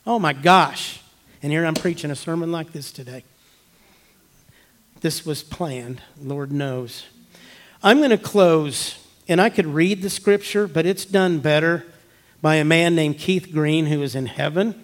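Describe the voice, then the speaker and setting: A male pastor delivers a storytelling sermon in church. His voice sits somewhat high for a man. He drops to near-whispers for tense moments and lifts into loud, urgent appeals. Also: a little slow. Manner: storytelling, swings from hushed to emphatic.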